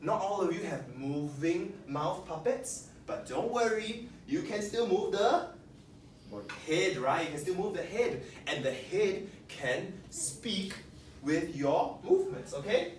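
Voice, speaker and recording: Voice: mid-range voice, takes it slowly, a little hiss or hum. Echoey distant workshop facilitator. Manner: animated, coaxing, asks the group questions. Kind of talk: teaching a workshop. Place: large room with a group of participants. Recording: echoey room, picked up from a distance.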